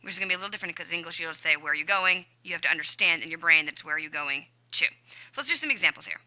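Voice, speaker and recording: A chatty woman walks students through a recorded grammar lesson, upbeat and talking to herself as she types. Her voice is bright and forceful, sitting a little low for a woman. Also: expressive, rapid-fire. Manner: upbeat, chatty, talks to herself while typing. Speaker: Spanish teacher.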